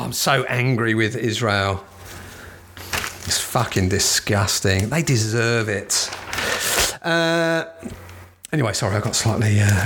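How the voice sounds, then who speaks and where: A man's voice: mid-range voice, a bit bright. A middle-aged man from England with a southeast London accent, giving casual, profane commentary as he flips through newspapers and rants at the stories. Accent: southeast London English. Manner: profane, ranting, dismissive.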